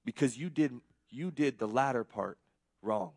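A man preaching in a plain, mid-pitched voice, speaking earnestly and poking fun at himself. His delivery swings from raised and quick to low and soft, stumbling over repeated words when he gets going. The sound is dry and close, with no room echo. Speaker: pastor. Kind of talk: conversational sermon.

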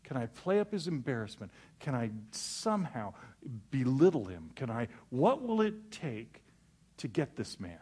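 A male pastor preaching a sermon, telling a funny story in an animated way, full of stammers and restarts, and poking fun at himself. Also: medium pitch, a little slow, breathy edge.

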